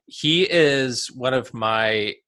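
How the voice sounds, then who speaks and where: A man's voice: mid-range voice, drawn-out words, pushed and bright. A man in his thirties with a New Jersey accent hosting a podcast in casual chat, jokey and laughing often. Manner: jokey, laughs a lot, drops into goofy voices. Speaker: podcast host.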